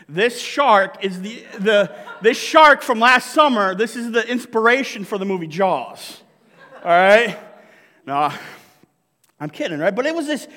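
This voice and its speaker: A man's voice: sits high, fairly bright tone, big-room sound. A male pastor preaching a sermon to his congregation, joking and often checking in with "right?". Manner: jokey, keeps asking the congregation "right?". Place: church sanctuary.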